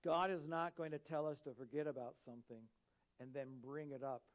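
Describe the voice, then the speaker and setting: A man preaching a sermon as pastor in a church, animated, swinging between loud emphatic bursts and quiet asides. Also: a little high, fairly quick.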